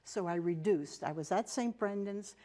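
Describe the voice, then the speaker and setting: A woman's voice: mid-range voice, normal speed. An older woman with an American accent, telling stories as a TV interview guest, with fillers and restarts. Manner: warm storytelling with fillers and restarts. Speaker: interview guest, nun and teacher. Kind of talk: casual interview talk. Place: TV studio.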